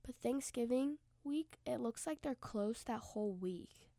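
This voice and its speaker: A young woman co-hosting a casual podcast chat, congested and often dropping to a soft near-whisper. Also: fairly high pitch, expressive, unhurried, gravelly, no room sound, studio quality. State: congested nose. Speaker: podcast co-host.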